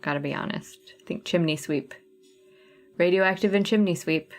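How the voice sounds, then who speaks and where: Faint music plays behind this woman's low-leaning voice, which moves at a moderate pace. She runs a laid-back cross-stitch stream, talking to her audience and thinking through which flosses go where.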